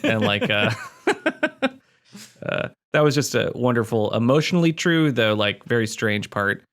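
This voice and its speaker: A man chats casually as a podcast co-host. His talk wanders and circles back on itself. The tone stays easygoing and unhurried. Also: medium pitch, fairly bright tone. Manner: rambling, easygoing. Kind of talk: casual chat.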